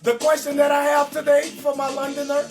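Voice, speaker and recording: Brash new guy hosting a comedy live stream, real high voice, faint music behind. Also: completely flat delivery, fairly quick, far from the mic. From New Orleans. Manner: brash, rambling, slips into sing-song. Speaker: comedian host of a live call-in show.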